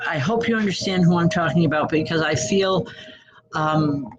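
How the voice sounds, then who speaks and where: A woman's voice: low voice, moderate pace, noisy background. A woman medium giving spiritual readings to an audience, chatty and blunt, with self-deprecating asides. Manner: blunt, direct.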